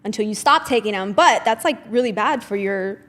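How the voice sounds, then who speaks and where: A woman's voice: mid-range voice, animated, a little fast, fairly bright tone, in a large hall. A woman hosting a podcast in casual chat, laughing often and telling stories with animation. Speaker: podcast host.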